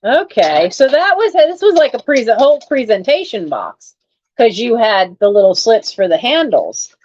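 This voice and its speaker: A woman's voice: a little high, very animated, moderate pace, a little mellow, muffled recording. A woman selling collectibles online, chatting casually as she unboxes her finds and exclaims over them. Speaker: online reseller hosting a live sale. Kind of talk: casual chat while unboxing.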